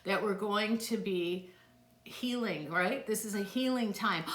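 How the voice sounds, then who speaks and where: A woman's voice: mid-range voice, animated, slow, a bit bright. A middle-aged woman hosting a live psychic stream, chatting casually and gushing, with frequent gasps and laughs. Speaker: psychic host answering live questions. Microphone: phone or tablet. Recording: echoey room.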